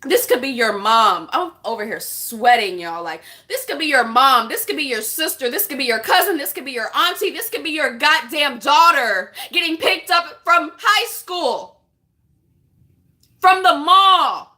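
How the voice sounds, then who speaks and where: A woman's voice: sits high, animated, a little slow, pushed and bright. A woman vlogger in a casual rant to camera, impassioned, blunt and profane.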